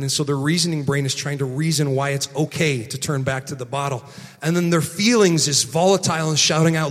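A man in his forties preaching a sermon earnestly, moving from loud emphasis to hushed, quiet lines. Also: mid-range voice, fairly even intonation, fairly quick, long reverb tail. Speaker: pastor.

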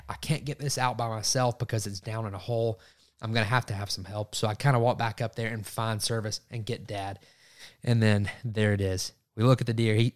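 A young man, telling a hunting story on a podcast and acting out his own thoughts. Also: medium pitch. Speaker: podcast host. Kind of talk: casual storytelling.

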